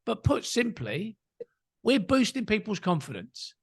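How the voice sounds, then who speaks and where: A male podcast host whose voice sits somewhat high for a man. He responds to his guest in a casual, reflective way, thinking aloud and restarting his phrases now and then. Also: wildly swooping pitch, a little slow, slightly rough. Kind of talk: casual interview chat.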